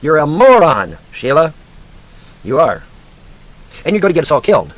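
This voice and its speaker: A man in full rant, swearing freely and hurling insults in a fairly high voice that leaps up and down. He talks down like a scornful teacher quizzing a class, his pitch jumping with every jab. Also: huge pitch swings, normal speed. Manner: profane, mocking, shouting insults at a named woman; sarcastic, lecturing like a teacher. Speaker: online commentator. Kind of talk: angry rant.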